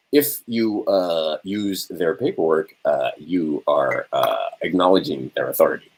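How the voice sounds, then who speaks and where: A deep, breathy male voice leads an informal lecture for a small audience, asking questions and then answering them himself while repeatedly checking in with "right?" The audio quality is poor.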